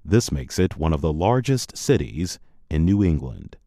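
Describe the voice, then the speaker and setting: Male co-presenter, deep and mellow, lively intonation, slow scripted teaching read. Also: no room sound, clean studio sound. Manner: slow, deliberate, teacherly reading. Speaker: co-presenter of a language program. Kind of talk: scripted educational narration.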